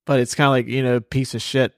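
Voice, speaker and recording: A podcast host talks fast in a medium-pitched, level voice, recorded in a clean, dry studio. He chats loosely about a film, filling his casual movie review with fillers and offhand swearing.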